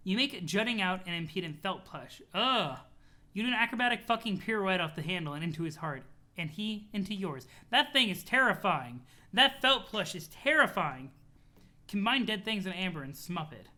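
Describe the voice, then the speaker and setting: A streamer casually chatting with viewers and reading a webcomic aloud, in an animated, chatty way with casual swearing. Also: mid-range voice, brisk. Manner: thanks chat followers, talks to viewers.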